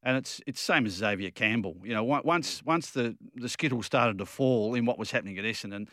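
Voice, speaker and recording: A man's voice: medium pitch, brisk, a bit bright, dry recording, studio quality. An Australian man co-hosting a football radio show, talking in an opinionated, rambling way with frequent restarts. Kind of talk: casual radio chat.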